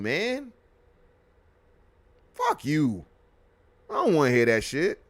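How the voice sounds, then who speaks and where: A man hosting a live podcast goes on a heated, profane, repetitive rant, swinging between loud outbursts and low muttering. The recording is dry.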